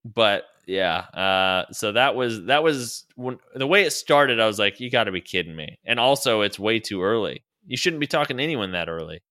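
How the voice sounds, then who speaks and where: A young man chatting casually, telling a story with lots of swearing and quick impressions of people he quotes. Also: on the low side, expressive, pushed and bright. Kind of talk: casual podcast chat.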